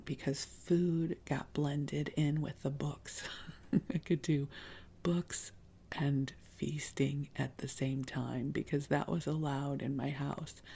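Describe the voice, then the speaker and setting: A woman in her fifties from the Chicago area speaks in a husky, breathy whisper, her low voice dark and mellow with a gravelly edge. She hosts a sleep podcast in a whispered bedtime storytelling style, reminiscing unhurriedly and close to the microphone. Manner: soft, unhurried reminiscing with gentle laughs.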